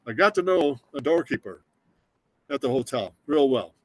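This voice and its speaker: An older man from Scotland giving an emotional, earnest inspirational talk as a guest speaker, slowing down for emphasis. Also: mid-range voice, expressive, no room sound, low-quality recording. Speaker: guest speaker, automotive designer.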